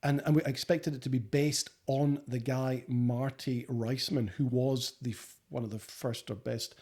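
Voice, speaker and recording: Husky Scottish man, blunt and opinionated. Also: medium pitch, fairly even intonation, unhurried, darkish tone. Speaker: podcast co-host. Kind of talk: casual chat.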